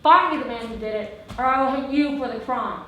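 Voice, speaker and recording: An imperious, impatient king barks decrees, played by a teenage girl on a school stage. The voice sits high and is heard from across an echoey theatre hall. A faint hiss lies under the stage recording. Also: brisk, pushed and bright, far from the mic. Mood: stern. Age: teens. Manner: commanding, proclaiming, impatient. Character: stern, imperious male king. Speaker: student actor.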